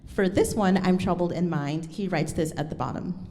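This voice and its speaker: A woman's voice: fairly low pitch, normal speed, darkish tone, in a large hall. A woman giving a lecture recital, speaking thoughtfully and correcting herself with frequent ums. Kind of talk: lecture presentation.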